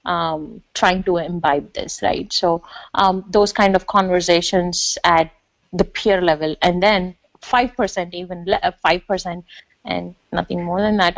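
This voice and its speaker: Lady coach talking it through, kinda low pitched, dead dry mic, lots of ums. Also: no room sound, low-quality recording. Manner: explanatory, with frequent fillers and throat clearing. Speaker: agile coach. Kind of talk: casual panel discussion.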